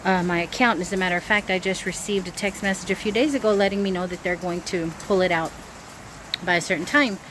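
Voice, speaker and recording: A woman's voice: fairly low pitch, fairly even intonation, fast talker. A woman vlogging casually to her phone camera about a scam call she just got, chatty and anxious as she sets up a cookout by her grill. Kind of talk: casual vlog talking to camera. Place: outdoors by a grill. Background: wind and outdoor ambience.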